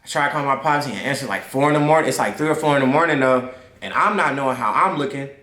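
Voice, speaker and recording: A man's voice: mid-range voice, fast. Young man telling a wild story, roomy sound. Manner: animated, slangy, repeats "I'm like". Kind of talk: casual storytelling. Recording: roomy echo.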